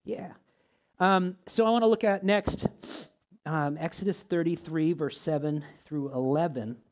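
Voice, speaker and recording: Male pastor, conversational teaching style, frequent "right?" asides, slightly higher voice. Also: unhurried. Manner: conversational, asks many rhetorical questions; reads scripture aloud, shifts pitch and loudness often. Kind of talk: teaching to a small group.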